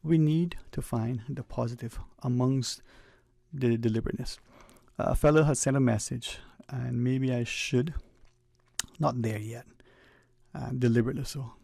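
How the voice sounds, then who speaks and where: A man's voice: medium pitch, steady tone, gravelly, darkish tone, no room sound. Man, radio host, reflective monologue, dry close studio mic. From Cayman Islands. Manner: conversational, preachy, speeds up and slows down for emphasis. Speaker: radio talk show host. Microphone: studio microphone.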